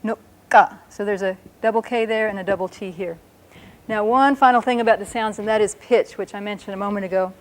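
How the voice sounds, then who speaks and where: With a medium-pitched voice, a woman gives a language lesson, patiently explaining and sounding out each word slowly and with care.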